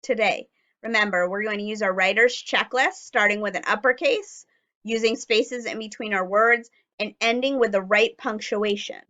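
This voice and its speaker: A woman teacher giving a phonics lesson to young children, sounding out letters slowly and clearly. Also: medium pitch, bright, forceful tone, dull audio.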